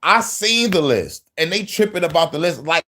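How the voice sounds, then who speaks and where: A man's voice: fairly high pitch, sing-song, moderate pace, sharp tone. A man hosting a casual news-commentary livestream, profane and heated, laughing often between angry riffs.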